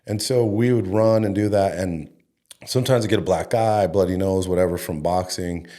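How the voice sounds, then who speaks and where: Deep-voiced man telling stories casually. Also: fairly even intonation, moderate pace, mellow. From Denver, Colorado, USA. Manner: loose, chatty storytelling with fillers and mild swearing. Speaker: head coach, interview guest. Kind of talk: casual interview storytelling.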